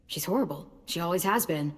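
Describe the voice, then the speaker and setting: A steady, protective teen survivor leader. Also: female voice, fairly low pitch, fairly quick. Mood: earnest, steady. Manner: calm, earnest, persuasive.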